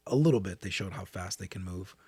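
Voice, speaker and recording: A man's voice: low voice, quick pace, a little mellow, breathy edge, dry recording, studio quality. A man co-hosting a podcast in casual chat, rambling and restarting his sentences. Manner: rambling, restarts and trails off into asides. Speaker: podcast co-host.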